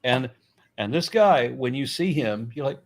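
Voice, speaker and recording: A middle-aged American man talking casually as a guest, blunt and profane, animated, with frequent restarts. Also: medium pitch, a little slow. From United States. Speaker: YouTuber and guest. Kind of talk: casual conversation.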